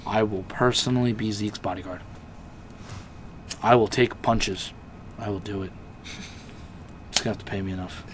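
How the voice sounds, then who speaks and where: A man co-hosting a podcast in casual banter, loud and excitable, swearing often. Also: fairly low pitch, moderate pace, pauses often, a little hiss or hum. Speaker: podcast co-host.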